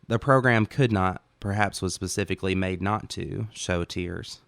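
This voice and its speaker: Male author-narrator, low and resonant, calm first-person audiobook read, dry studio sound. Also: normal speed, gravelly, no room sound. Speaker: author reading own story.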